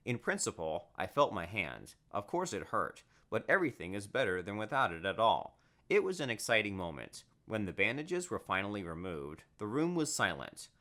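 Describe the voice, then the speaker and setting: A man narrates an animated story in the first person, with a lively, animated telling. His voice sits on the low side, yet it sounds bright and crisp. The pitch swings widely from line to line. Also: moderate pace.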